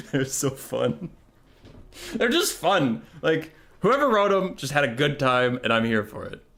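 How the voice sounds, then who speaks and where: A young male streamer chatting casually over a game in a fairly high voice. His pitch swings all over as he gushes, with plenty of swearing mixed in. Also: takes it slowly, creaky, pauses often. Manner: animated, swearing, gushing.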